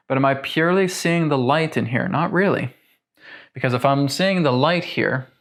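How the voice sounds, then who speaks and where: A man giving a spiritual teaching monologue, speaking slowly and deliberately and addressing his listeners as friends. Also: medium pitch, gravelly, fairly bright tone.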